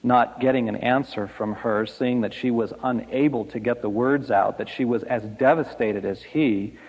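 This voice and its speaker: A man preaching a sermon, telling a story slowly and dramatically, letting his lines fade to a hush. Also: medium pitch, fairly even intonation, slightly rough. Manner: slow, dramatic storytelling with soft, hushed line endings. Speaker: pastor. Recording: echoey hall.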